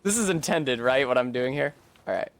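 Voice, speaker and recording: A man with a New England accent streaming a game, joking sarcastically, swearing and sometimes shouting in frustration. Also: medium pitch, animated, a little fast. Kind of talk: casual gameplay commentary.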